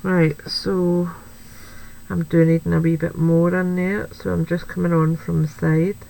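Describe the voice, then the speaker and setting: A woman's voice: fairly low pitch, level tone, unhurried, creaky, warm tone, rough recording. A woman chatting through a card-making tutorial, thinking aloud as she works and making light of her own slips. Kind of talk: craft tutorial, talking while working.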